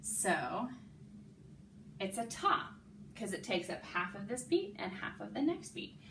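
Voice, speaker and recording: A woman's voice: medium pitch, big pitch swings, unhurried, roomy sound, slight background noise. A woman music teacher singing rhythm syllables and explaining them to children in a lesson. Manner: sings rhythm syllables, speaks in a warm coaxing teacher voice to children. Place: classroom with a board.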